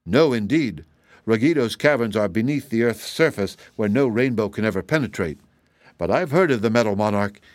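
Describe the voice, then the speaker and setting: A man voicing a dainty, reckless young female rainbow fairy in a high, pleading and imperious tone. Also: expressive, normal speed, no room sound, close to an everyday voice. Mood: bright. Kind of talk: storybook character voice.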